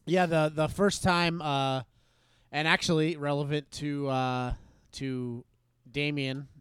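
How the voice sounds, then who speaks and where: A man with a voice pitched a bit high for a guy spins an anecdote as podcast host, full of "uh"s and restarts. The sound is dry and close, with no room around it. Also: slow, clear, resonant tone, dry recording. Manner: animated anecdote-telling with many fillers and restarts. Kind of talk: casual chat, storytelling.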